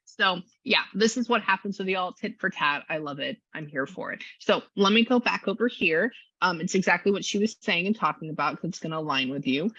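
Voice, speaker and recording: Chatty husky-voiced woman giving a reading. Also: lowish voice, fairly quick, hardly any pauses, no room sound. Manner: chatty, acts out people's lines in lively voices. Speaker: psychic medium and astrology reader. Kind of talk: casual one-on-one reading session. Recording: dull lo-fi sound.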